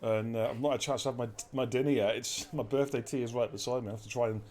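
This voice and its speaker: A man's voice: medium pitch, fairly even intonation, fast talker, darkish tone. A man hosting live esports race commentary, chatty and jokey, talking to the stream chat.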